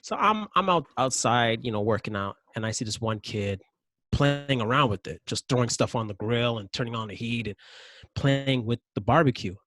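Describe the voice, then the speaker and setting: Male interview guest, lively storyteller, close dry mic, average pitch. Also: normal speed, dry recording. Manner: animated, acts out yelling in anecdotes. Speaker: podcast guest.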